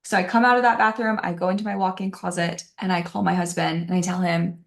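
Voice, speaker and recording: A woman's voice: fairly low pitch, level tone, quick pace, gravelly, few pauses. A young woman hosting her own podcast, talking candidly and confessionally with frequent "like" fillers. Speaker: podcast host. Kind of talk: casual solo podcast talk. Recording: roomy echo.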